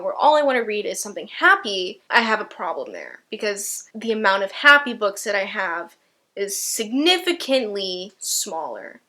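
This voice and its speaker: Twenty-something girl rambling about her book haul, bright voice, lots of likes and you knows. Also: a little high. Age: 20s. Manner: chatty, rambling with lots of "like" and "you know", swears casually. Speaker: book vlogger. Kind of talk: casual book haul chat.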